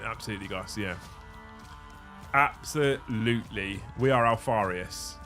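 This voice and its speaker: A man's voice: fairly low pitch, fairly bright tone. Sweary man hosting a livestream. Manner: sweary, rambling banter. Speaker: livestream host. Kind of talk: casual livestream chat.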